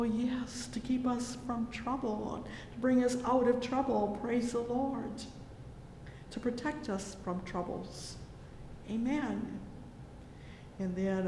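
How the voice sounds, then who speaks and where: A preacher delivering a fervent sermon, repeating "oh, yes" and "praise the Lord" and swelling loudly on the exclamations. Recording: echoey hall with faint rumble.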